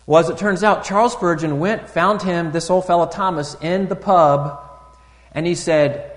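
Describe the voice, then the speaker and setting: A man preaching a sermon in a relaxed, conversational way, full of fillers and restarts, rising loud and high to stress a point and dropping quiet for asides. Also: normal speed, big-room sound. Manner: rises loud and high for emphasis, drops soft for asides. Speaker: pastor.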